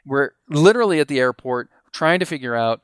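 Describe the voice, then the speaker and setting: A man telling a long story on a podcast in a casual, animated way, acting out what others said and laughing as he goes. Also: medium pitch, brisk, smooth, no room sound, studio quality. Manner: animated, acts out quotes, laughs mid-story.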